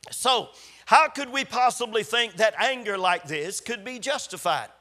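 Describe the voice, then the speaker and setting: Guy preaching slow, high and bright voice, leans hard on his words. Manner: slow, emphatic preaching with call-and-response readings. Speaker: pastor. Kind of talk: sermon.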